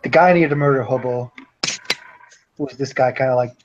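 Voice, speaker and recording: A man runs a tabletop game, narrating casually and loosely, with plenty of fillers. His voice sits at a middle pitch. The recording is dull and lo-fi, with a faint hiss. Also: a little fast, pauses often. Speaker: game master.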